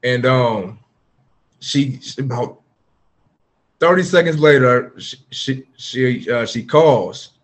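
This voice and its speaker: A man's voice: mid-range voice, slow pace, long pauses. Earnest man telling his own story. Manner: earnest and open, filler-heavy speech. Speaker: podcast guest, former pro football player. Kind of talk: candid personal storytelling in a conversation.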